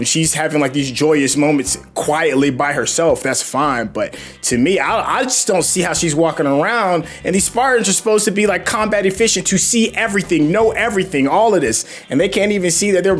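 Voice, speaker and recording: A man hosting a casual TV episode review, talking in an animated, opinionated way and asking his co-host questions. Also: high-pitched, fairly quick, hardly any pauses, faint music behind. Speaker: show host reacting to a TV episode.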